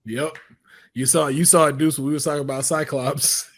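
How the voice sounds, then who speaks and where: A man's voice: a little high, steady tone, brisk, fairly bright tone. A man with a Southern American accent co-hosting a podcast, joking and laughing a lot in casual chat. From Southern United States. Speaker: podcast co-host.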